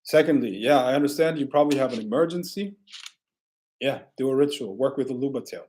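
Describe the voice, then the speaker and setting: A man hosting a casual livestream, answering viewer questions in a relaxed, rambling way with frequent restarts. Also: mid-range voice, fast.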